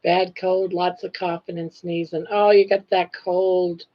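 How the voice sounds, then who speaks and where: A woman's voice: fairly low pitch, little pitch movement, a little slow. Older woman, livestream host, chatty, reads comments and greets viewers, muffled lo-fi sound. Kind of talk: casual livestream chat. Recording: dull lo-fi livestream audio.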